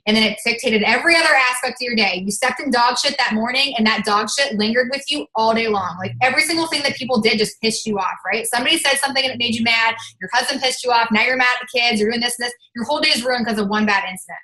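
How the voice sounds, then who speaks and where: A woman leading a motivational team call as a fitness coach. She is energetic and chatty, scatters "like" through her talk and swears casually. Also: a little high, fast, few pauses, echoey room, low-quality recording.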